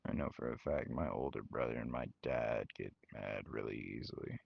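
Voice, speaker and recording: A man's voice: rumbling low, moderate pace, gravelly, slightly rough, no room sound. A young man talking frankly to his channel viewers, venting about his family and quoting them in mocking voices. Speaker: channel host. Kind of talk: personal talk to camera. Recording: dull lo-fi mic.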